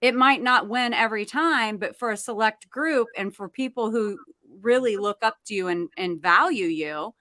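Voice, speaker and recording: A woman co-hosts a casual talk show in a bright, forceful voice. The sound is dry and close, and she speaks in an upbeat, encouraging way. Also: a little high, normal speed, few pauses, no room sound. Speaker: co-host.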